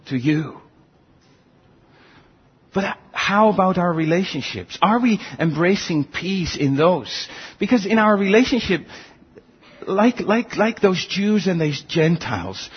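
Male pastor, sermon delivery, slow and deliberate with a slightly raised pitch, dull lo-fi recording. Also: husky. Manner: earnest, rhetorical questions, animated swings in pitch.

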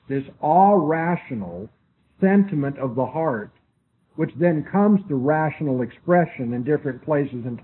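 A man giving a classroom lecture who spells out names and repeats his key phrases. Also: mid-range voice. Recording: tinny lo-fi recording with faint hiss.

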